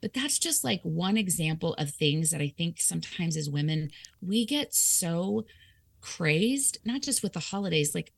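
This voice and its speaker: A woman's voice: lowish voice, a little slow, gravelly, no room sound. A woman author telling a personal story in conversation, laughing often and acting out her own thoughts. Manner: lively, laughing, acts out quoted thoughts. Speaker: author guest.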